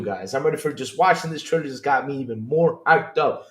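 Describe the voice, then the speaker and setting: A man hosting a live gaming stream, talking excitedly with his viewers and reading their chat, repeating himself and laughing often. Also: mid-range voice, fairly quick, hardly any pauses.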